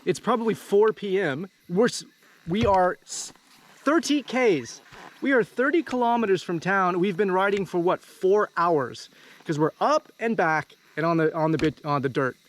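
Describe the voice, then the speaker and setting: Casting: male vlogger, high pitch, teasing and sarcastic, outdoor trail with faint noise. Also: animated, moderate pace. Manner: sarcastic, teasing, mocking impressions of his mate. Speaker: vlogger riding dirt bikes. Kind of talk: casual banter between riding mates. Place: outdoors on a dirt bike trail.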